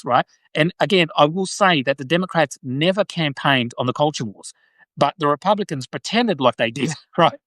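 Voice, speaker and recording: A man's voice: fairly high pitch, fairly bright tone, no echo, rough recording. A man with an Australian accent, hosting a live video and chatting about politics in a loose, talkative way, often tagging his points with "right?". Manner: chatty, frequent "right?" tags and restarts. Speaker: livestream host. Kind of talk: casual political commentary.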